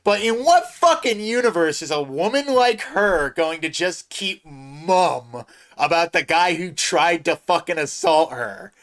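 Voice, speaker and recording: A man's voice: sits high, unhurried. A man co-hosting a casual podcast, laughing often and stammering as he talks. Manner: giggly, stammering, animated. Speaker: podcast co-host.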